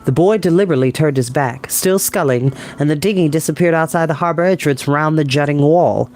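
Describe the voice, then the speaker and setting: A man reading a children's novel aloud as a storyteller, measured and expressive. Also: a little high, faint music behind.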